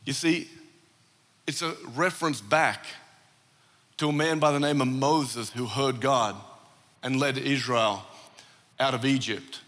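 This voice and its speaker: An Australian man preaching a lively sermon, telling a story with asides and humor. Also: on the high side, unhurried. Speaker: pastor. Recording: long church hall reverb.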